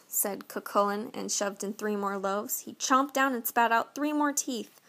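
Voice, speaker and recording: A woman reading a folk tale aloud as narrator, in an expressive, lilting storytelling manner. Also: medium pitch, measured pace, hardly any pauses.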